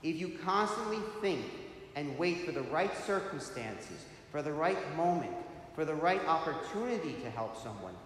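A man speaking as a gentle, patient Christ figure who teaches calmly, in an echoey hall. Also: fairly high pitch, close to an everyday voice. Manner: calm, instructive. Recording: echoey hall, faint hiss.

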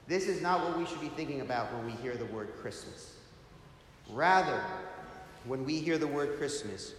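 A priest, a man of middle pitch, delivers an earnest sermon and checks in with his listeners as he goes. His voice rings through a very echoey hall with a long reverb tail. A faint hum sits underneath. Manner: earnest preaching with rhetorical asides. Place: large church.

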